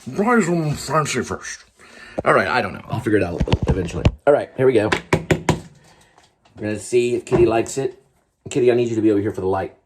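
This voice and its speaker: A man's voice: on the low side, fast talker, pauses often, noisy background. A man rambling casually in a vlog, trailing off and talking to his cat as he goes. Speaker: vlogger.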